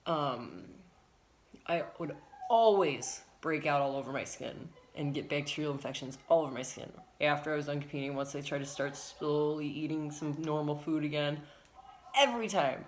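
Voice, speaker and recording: A woman vlogger with a deep voice speaks at a normal pace, with a little hiss or hum in the recording. She talks frankly and at length in a personal vlog, rambling, repeating herself for emphasis, and swearing now and then.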